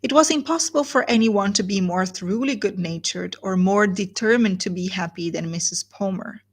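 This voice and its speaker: A woman with a mid-range voice teaches literature, reading a novel aloud and pausing to comment. She slows down on the words she wants to emphasize.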